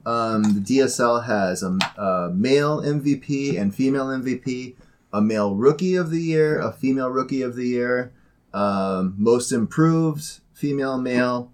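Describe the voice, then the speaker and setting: A man's voice: mid-range voice, expressive, normal speed. Easygoing male podcast host. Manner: easygoing, laughs often. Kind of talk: casual chat.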